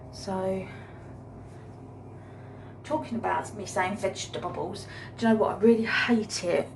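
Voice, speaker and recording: A woman's voice: medium pitch, vocal fry, a little mellow, slight background noise. A woman chatting casually in her home kitchen for a vlog, rambling and blunt with the odd swear word. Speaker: vlogger.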